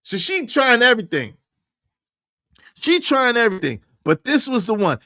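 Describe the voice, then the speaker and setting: A man casually telling a long personal story with lots of restarts and laughter. His pitch swings widely, soaring when he quotes his own outbursts. The sound is dry and close to the mic. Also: normal speed, no echo. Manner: animated, jumps high when quoting himself, laughs through.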